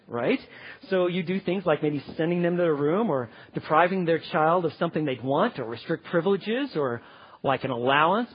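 A man teaching parenting in sermon style, animated, often checking in with "okay?". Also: high voice, slightly rough. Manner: animated, acts out parents and kids, keeps asking "okay?". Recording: dull, lo-fi hall with long reverb.

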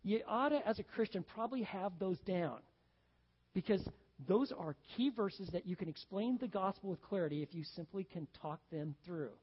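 A pastor delivers a sermon in an easy, conversational way, slipping into stories and acting out jokes for the congregation. The recording is muffled and carries the long reverb of a large church sanctuary. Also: male voice, sits high, normal speed, breathy edge. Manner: conversational, storytelling, acts out jokes. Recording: dull sound in a reverberant hall.

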